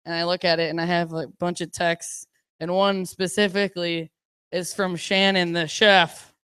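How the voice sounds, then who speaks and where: A woman doing stand-up comedy on a bar stage, telling a story and acting out each quote with big shouted voices. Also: fairly low pitch, flat delivery, moderate pace, clean tone.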